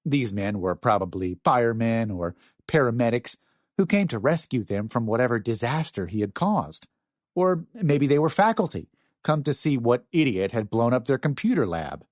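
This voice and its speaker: A man narrating a novel in an expressive storytelling manner, close to a studio mic. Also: mid-range voice, moderate pace, no echo. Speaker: audiobook narrator. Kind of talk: scripted narration.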